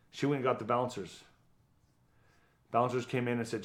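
A man's voice: medium pitch, brisk, long pauses. A middle-aged man, a former boxer, telling his story bluntly and profanely in an interview, acting out what others said. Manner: blunt, profane, vivid retelling with acted quotes.

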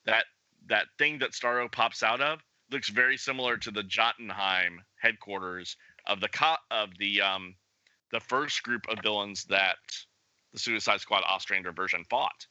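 A man's voice: lowish voice, normal speed, pushed and bright, no room sound, lo-fi sound. A man chatting enthusiastically about comics as a podcast co-host. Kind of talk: casual chat.

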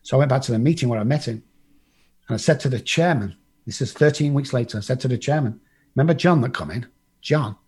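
A man's voice: mid-range voice, fast, darkish tone, breathy edge. An English man telling his life story in a blunt, casual way, swearing freely and acting out what other people said. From England.

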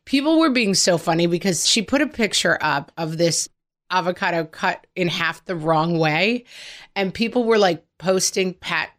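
A middle-aged woman co-hosting a podcast in casual, animated chat and storytelling. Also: lowish voice, moderate pace. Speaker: podcast co-host.

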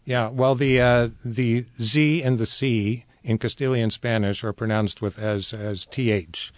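A man guest on a radio show explaining wines in a knowledgeable, measured way with many fillers. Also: medium pitch, fairly even intonation, no echo. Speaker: wine importer guest. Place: radio studio.

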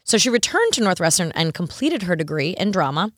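A chatty woman with a New York accent hosting a podcast. Her voice sits a little low and sounds close and dry, in an animated, casual manner. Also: no echo. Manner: chatty, animated, quick to laugh. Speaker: podcast co-host. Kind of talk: casual chat.

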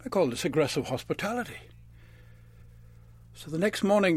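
Animated male storyteller. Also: on the high side, moderate pace, pauses often, slightly rough, dry recording. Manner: animated, chanting and mimicking. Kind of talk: performed storytelling.

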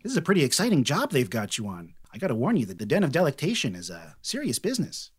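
A man's voice: mid-range voice, wildly swooping pitch, quick pace, slightly rough. A man voicing a cheeky, playful female halfling rogue who talks in a perky, teasing way.

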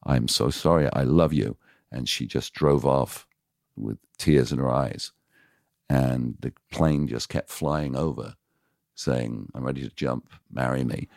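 A man's voice: very deep voice, takes it slowly, vocal fry, dry recording, clean studio sound. A man, a radio DJ guest on a podcast, telling frank stories and acting out the dialogue in them. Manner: animated, acts out quoted dialogue; frank, confessional. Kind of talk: casual storytelling in interview.

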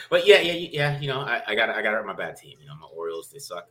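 A man's voice: on the low side, big pitch swings, fast, bright, forceful tone, a little hiss or hum. A man casually breaking down football game film, rambling with many restarts and "right?" tags. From family from Baltimore.

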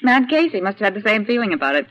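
A sarcastic young heroine on old radio. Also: female voice, mid-range voice, sing-song, fairly bright tone. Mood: tart. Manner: quick, sarcastic and teasing. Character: spirited young woman, sharp-tongued niece. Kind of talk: 1940s radio acting. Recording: dull old radio broadcast.

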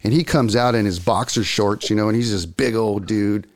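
An older man, a guest, telling a story in a casual, animated way, full of surfer slang and acted-out quotes. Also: lowish voice, normal speed.

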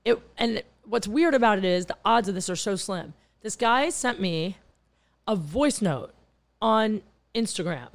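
A woman in her thirties hosting a casual podcast chat, telling a dating story in a chatty, meandering way outdoors in bright sun. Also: mid-range voice, animated, a little slow, gravelly. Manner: chatty storyteller, trails off and restarts. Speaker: podcast host.

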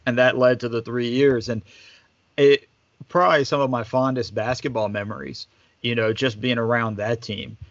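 A man telling stories as a guest in casual chat, relaxed and full of fillers. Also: medium pitch, normal speed, no room sound, highs cut off. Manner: relaxed, chatty, lots of fillers. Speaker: basketball staff guest. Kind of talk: casual storytelling.

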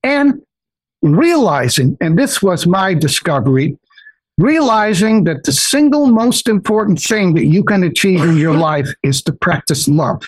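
A man's voice: high-pitched, very animated, measured pace, no room sound, low-quality recording. An older man, a guest on an interview podcast, talking earnestly and full of quoted wisdom. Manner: earnest, wise-sounding, fond of quoting sayings. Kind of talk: casual interview conversation.

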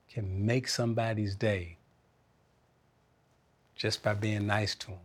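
A man, talking as a guest in an interview, earnest and reflective and quick to laugh. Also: on the low side. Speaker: interview guest, former basketball player and coach. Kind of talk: casual interview talk.

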